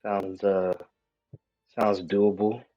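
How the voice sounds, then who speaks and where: A man's voice: lowish voice, flat delivery, extremely slow, dry recording, lo-fi sound, faint music behind. A man playing a tabletop game, casual and profane, laughing often. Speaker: player. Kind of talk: tabletop game banter and in-character narration.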